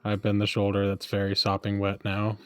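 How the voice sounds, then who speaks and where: A man's voice: on the low side, completely flat delivery, a little fast, a bit bright, clean tone, soft background music. A man hosting a casual podcast chat, joking and teasing his co-hosts. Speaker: podcast host.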